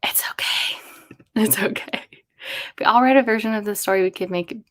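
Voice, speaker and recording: A young adult woman chatting casually on a livestream, thinking aloud in a musing, excitable way as she brainstorms. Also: medium pitch, fairly quick. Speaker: streamer.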